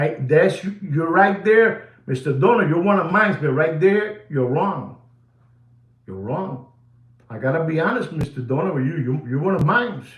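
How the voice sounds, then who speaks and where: A man with a fairly high pitch gives a lively, theatrical watch market update, his English peppered with Spanish phrases as he moves between loud calls and hushed asides. The recording sounds roomy.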